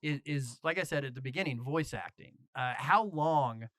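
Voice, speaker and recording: Podcast host guy, bright tense voice, rambly questions, dry sound. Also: mid-range voice, lively intonation, normal speed, no room sound. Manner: rambling, self-deprecating questions with restarts. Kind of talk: casual interview.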